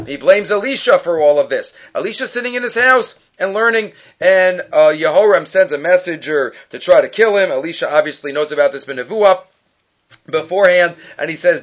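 High-voiced man teaching a Bible story. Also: a bit bright, lo-fi sound. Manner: acts out characters' lines in quick voices, peppers English with Hebrew terms. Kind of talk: lively storytelling lesson.

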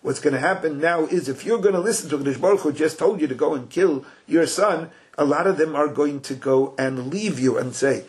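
Speaking a little high and fairly fast with few pauses, an older man leads a Torah lesson. His casual English is loaded with Hebrew and Yiddish words, and he tells his stories animatedly, tossing in folksy side remarks.

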